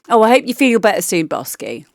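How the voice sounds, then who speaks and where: A woman's voice: a little high, big pitch swings, normal speed, dry recording, clean studio sound. A woman, a DJ host chatting casually and rambling with laughs while reviewing demo tracks. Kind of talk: casual stream chat.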